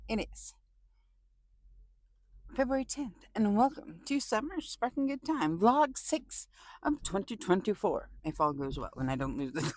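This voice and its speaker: A woman's voice: mid-range voice, expressive, unhurried, a bit bright, dry recording, poor audio. A woman from California vlogging to her viewers in a casual, gushing, emotional way, often close to tears and laughing. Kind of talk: casual chat to camera.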